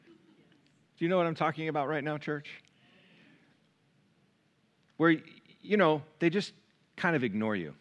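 A man preaching a sermon to his church, shifting from quiet, close asides to loud, raised passages. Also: a little high, animated, moderate pace, highs cut off. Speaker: pastor. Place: church sanctuary.

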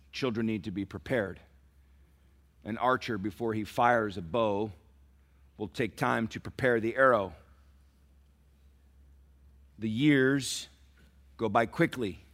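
A middle-aged man preaching a sermon to parents, swinging from soft, near-whispered lines to loud emphatic peaks and acting out dialogue as he tells stories. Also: on the low side. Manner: acts out quoted dialogue in a storytelling sermon. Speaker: pastor.

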